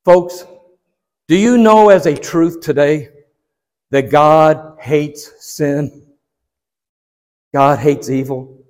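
A man's voice: fairly high pitch, animated, slow, long pauses, darkish tone, in a large hall. A man preaching a sermon as pastor, swinging his emphasis up and down and putting rhetorical questions to the congregation.

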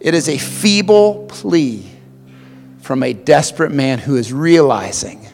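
A male pastor preaching a sermon, swinging between loud passionate emphasis and hushed quiet stretches, often repeating words as he starts a phrase. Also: on the high side, lively intonation, a little slow, creaky, big-room sound, soft background music.

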